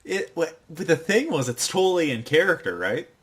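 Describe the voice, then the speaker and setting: A man's voice: a little high, sing-song, moderate pace, fairly bright tone, husky. A man hosting a podcast, retelling a show's plot in a rambling, casual way full of fillers. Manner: rambling, filler-heavy storytelling. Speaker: podcast host. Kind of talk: casual recap chat.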